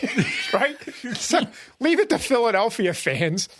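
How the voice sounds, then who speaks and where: A man with a high, lively voice co-hosts a casual podcast. He tells jokes and laughs between lines, his voice swinging up and down. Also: unhurried. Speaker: podcast co-host. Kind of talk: casual chat.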